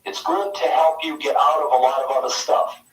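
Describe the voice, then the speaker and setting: A man giving a live spiritual talk in a conference hall, animated and playful, swinging between loud bursts and soft whispers. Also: on the high side, normal speed. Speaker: spiritual teacher. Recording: echoey hall, mic far off.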